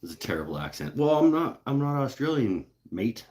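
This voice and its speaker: A man's voice: mid-range voice, sing-song, fairly quick, a little mellow. A man hosting a woodworking live show, chatting in a rambling, laid-back way with casual swearing. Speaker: woodworking channel host. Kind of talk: casual live-stream chat.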